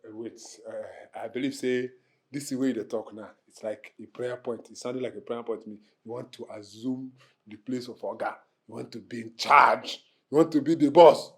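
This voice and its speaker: A man's voice: mid-range voice, moderate pace, a bit bright, close to an everyday voice. An actor with a Nigerian Pidgin English accent playing a cheeky, tipsy male house servant who mocks his boss. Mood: mocking. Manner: cheeky, mocking, slips into pidgin. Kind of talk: film drama acting.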